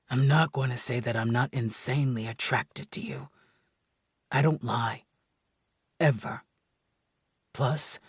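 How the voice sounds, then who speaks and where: A man voicing a husky, whispering young lover. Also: no room sound, studio quality. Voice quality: husky, breathy half-whisper. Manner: low, intimate and deliberate. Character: young man, earnest, guarded, soft-spoken. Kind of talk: audiobook dialogue.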